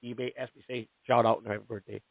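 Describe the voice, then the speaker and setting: A man's voice: mid-range voice, little pitch movement, fast talker, vocal fry, no echo. A man hosting a call-in radio show, talking in a profane, rambling way with a lot of restarts. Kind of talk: casual call-in radio talk. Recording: tinny, dry phone-line sound.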